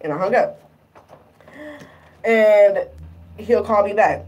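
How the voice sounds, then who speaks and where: Animated woman vlogger, a bit off-mic. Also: low-pitched, moderate pace, long pauses, distant mic, poor audio. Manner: animated, acts out quotes, swears freely. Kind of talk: casual storytelling vlog.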